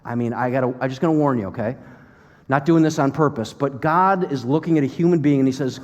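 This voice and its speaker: A man preaching a sermon as pastor, animated and emphatic, at times dropping to a soft, intimate tone. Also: medium pitch, quick pace. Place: church. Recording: long hall reverb.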